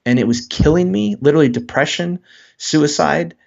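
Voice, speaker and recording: A man's voice: on the high side, normal speed, creaky, darkish tone, highs cut off. A man speaking as a guest author in an interview, talking earnestly and candidly about his life, often restarting his sentences. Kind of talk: reflective interview talk.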